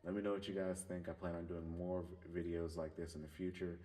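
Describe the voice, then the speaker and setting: A man's voice: low voice, little pitch movement, a little fast, mellow. A man giving an earnest, opinionated commentary on a show in a casual vlog, apologetic and talking through restarts. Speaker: YouTuber discussing a show. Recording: distant mic with faint background music.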